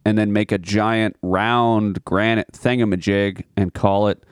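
A man's voice: on the low side, steady tone, measured pace, clean tone, dry recording, studio quality. A man co-hosting a podcast in casual chat, telling rambling, profane stories and laughing often. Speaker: podcast co-host.

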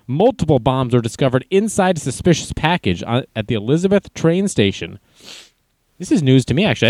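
A man's voice: fairly high pitch, darkish tone, no room sound. A man casually reading news aloud and adding wry, jokey asides as an online commentator.

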